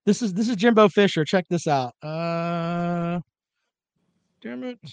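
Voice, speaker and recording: A man's voice: sits high, takes it slowly, clear, resonant tone, dry recording. A man hosting a casual sports talk show, rambling and joking while he fumbles for clips.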